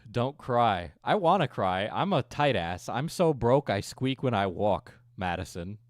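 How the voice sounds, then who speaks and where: A man's voice: on the low side, sing-song, measured pace, dry recording. A man livestreaming, chatting casually with viewers, joking, ranting and swearing often. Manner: profane, joking rants with frequent laughter. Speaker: coffee business owner.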